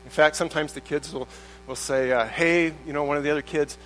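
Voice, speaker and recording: A man's voice: fairly high pitch, fast talker, fairly bright tone, faint music behind, poor audio. A man preaching a sermon as a pastor, in a conversational way with many restarts and acted-out quotes.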